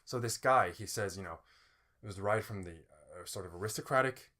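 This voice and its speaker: A man with a fairly low voice co-hosts a casual podcast. He is from Indiana and talks in a loose, rambling way, circling back with fillers as he explains. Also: fairly quick, sharp tone. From Indiana, US Midwest. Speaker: podcast co-host. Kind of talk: casual chat.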